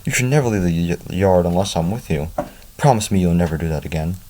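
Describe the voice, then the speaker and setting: A gentle grieving father, as a man reads him aloud from a storybook. His voice is low and mellow, calm and fatherly. He talks softly and kindly, reassuring his young son. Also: fast, slight background noise, low-quality recording.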